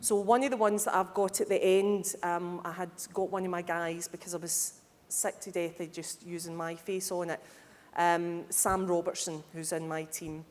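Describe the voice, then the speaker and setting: A woman speaking to a live audience at a conference, lively and candid, with humorous asides. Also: fairly low pitch, normal speed. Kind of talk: conference talk. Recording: hall reverb.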